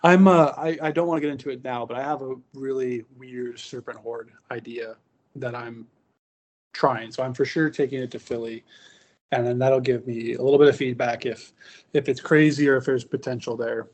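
A man hosting a relaxed podcast chat about tabletop wargaming, rambling with restarts and fillers. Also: medium pitch, normal speed. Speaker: podcast host.

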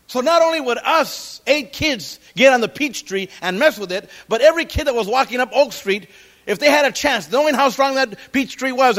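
A middle-aged man preaching a sermon as pastor, animated, quoting scripture and cracking jokes. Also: extremely high pitch.

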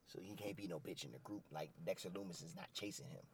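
A low-voiced man talking in a relaxed podcast style. His speech is loose and profane, and he slips into voices to act out the quotes as he recaps. It sounds like casual chat between friends. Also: fast talker, a little hiss or hum. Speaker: co-host recapping wrestling.

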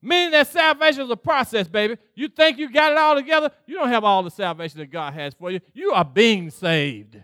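A man's voice: very high voice, expressive, a little fast, hardly any pauses, pushed and bright, no echo, studio quality. A male pastor preaching a sermon, talking straight to the congregation and acting out what God says. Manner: preaching with call-outs, acting out God's voice, laughing.

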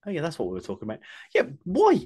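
A woman's voice: sits low, wildly swooping pitch, very fast, darkish tone, slightly rough. A woman co-hosting a podcast, chatting casually and giggling playfully. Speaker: podcast co-host. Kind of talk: casual chat.

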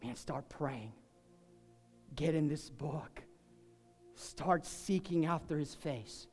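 A man preaching a sermon, swinging from quiet, intimate talk to shouted, fervent peaks. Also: fairly high pitch, slow pace. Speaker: pastor. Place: church sanctuary. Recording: long hall reverb, faint music.

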